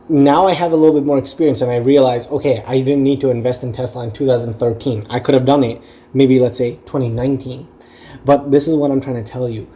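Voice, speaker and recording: A man's voice: medium pitch, warm tone. A young man, a stock-investing vlogger, lecturing his viewers earnestly in a casual rambling monologue and repeating phrases for emphasis.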